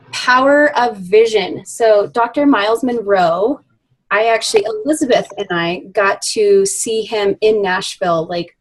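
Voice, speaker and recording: Chatty upbeat woman, slightly husky. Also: mid-range voice, low-quality recording. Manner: chatty, upbeat, many fillers. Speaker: team coach. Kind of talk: live team video chat.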